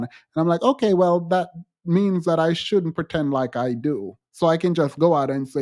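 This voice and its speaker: A man hosting a livestream, talking frankly to his chat in halting restarts and growing emphatic when he quotes others. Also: fairly high pitch, a little mellow. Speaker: livestream host. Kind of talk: livestream chat answering viewers.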